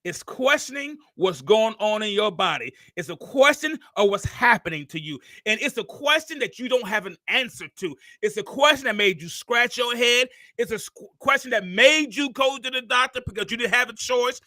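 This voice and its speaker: A man's voice: very high-pitched, expressive, bright, forceful tone, no room sound, studio quality. A man hosting an interview show, talking casually with many restarts and building into a preacherly, repetitive rhythm. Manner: drawn-out, preacherly, repeats phrases for emphasis. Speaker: podcast host.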